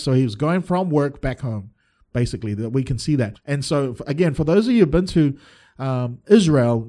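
A man's voice: mid-range voice, mellow. A man preaching a sermon as a pastor, earnest and emphatic, often restarting his phrases.

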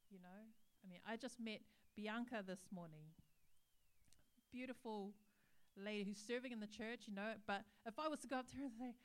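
A woman's voice: mid-range voice, clean tone. A woman preaching a sermon, telling a personal story with humor and acting out what people said.

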